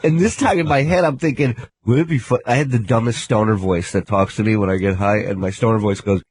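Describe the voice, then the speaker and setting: A man's voice: fairly low pitch, fast talker, a little hiss or hum. A man on a radio talk show, chatting and telling a story, laughing often as he goes. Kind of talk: casual radio chat, storytelling.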